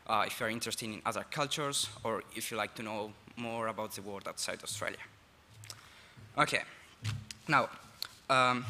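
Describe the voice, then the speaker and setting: A teenage exchange student from Italy with an Italian accent, giving a halting, apologetic speech at a school assembly. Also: male voice, mid-range voice, pushed and bright, slight background noise. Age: teens. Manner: nervous, halting, apologetic with laughs. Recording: reverberant hall, faint ambience.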